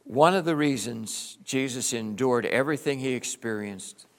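A middle-aged male pastor preaching with passion, swinging between loud exclamations and hushed, tender passages. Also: mid-range voice. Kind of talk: sermon.

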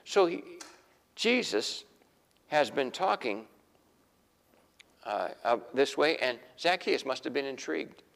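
A man's voice: mid-range voice, sing-song, slow, gravelly, long pauses, fairly bright tone, long reverb tail. A man preaching a sermon in a folksy storytelling way, acting out the voices of the people in his stories.

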